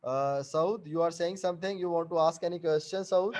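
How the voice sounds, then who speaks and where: A man teaching an online class over a video call, explaining slowly and repeating each point and question. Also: a little high, darkish tone.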